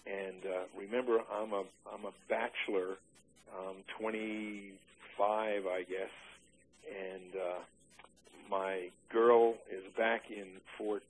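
An older man in an oral history interview, recalling his army days with dry humor and many halting "uh" restarts. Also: lowish voice, little pitch movement, slight background noise, poor audio.

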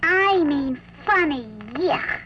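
A woman's voice: very high-pitched, slow pace, a bit bright, full character voice. A woman voicing a naive, slangy young girl on a comic storybook record, asking innocent, curious questions. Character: naive, slangy young girl, Little Red Riding Hood. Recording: dull lo-fi vintage record with faint hiss.

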